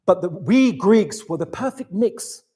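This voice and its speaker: Lively man lecturing, slightly high voice. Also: measured pace, breathy edge. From England. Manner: animated, chatty storytelling with many restarts and asides. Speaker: Islamic lecturer. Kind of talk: lecture to a live audience.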